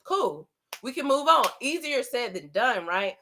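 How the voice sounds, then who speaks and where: A woman hosting a casual livestream talk. She speaks conversationally, often asks "right?" and says "like", and acts out inner thoughts in an animated way. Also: fairly high pitch, a little slow, a little hiss or hum. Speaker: host. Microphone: computer camera setup.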